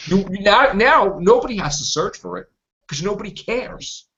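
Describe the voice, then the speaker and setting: A man hosting a heated fan podcast, ranting with indignation and circling back to the same complaints. His voice sits a bit high for a man. The audio is dull and lo-fi. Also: animated, moderate pace, creaky, sharp tone, slight background noise. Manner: indignant, ranting, repeats himself. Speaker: podcast host.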